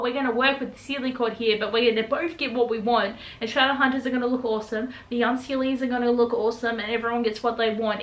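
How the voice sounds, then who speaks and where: Young woman book vlogger, gushing and excitable, fairly high and bright, echoey room. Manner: gushing, excitable, acts out quotes in sassy voices. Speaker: book reviewer. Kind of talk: casual spoiler book review.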